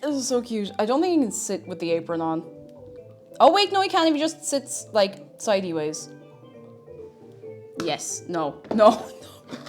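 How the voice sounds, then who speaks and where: A woman's voice: medium pitch, very animated, measured pace, pauses often. A young woman, chatting casually on a live stream and gushing over a cute figurine. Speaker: livestreamer. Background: faint game music.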